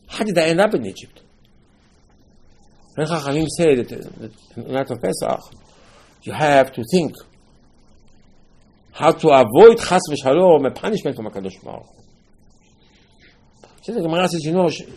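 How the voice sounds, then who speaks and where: A man with a husky, slightly rough voice delivers a Torah lesson in the manner of a sermon. He tells stories emphatically, hammering points home by repeating them. His pitch sits in an ordinary middle range. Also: darkish tone. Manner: emphatic storytelling, repeating phrases for stress. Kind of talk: Torah lesson on Passover night.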